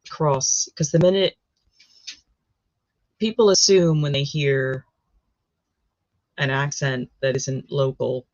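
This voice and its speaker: A woman's voice: a bass voice, fairly even intonation, slow, pauses often, a little mellow, no echo, muffled recording. American woman, casual hesitant chat. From United States. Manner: hesitant, many ums and restarts.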